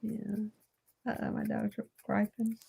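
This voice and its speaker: A woman's voice: mid-range voice, monotone, slow pace, creaky, warm tone, husky. A woman with a North Louisiana accent, hosting a casual live chat and easily amused. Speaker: livestream host.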